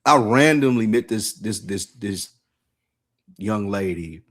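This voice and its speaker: A man's voice: lowish voice, slow. A man co-hosting a podcast, telling a story in casual chat, laughing often and acting out other people's lines. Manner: animated storyteller, laughs often, acts out voices. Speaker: podcast co-host.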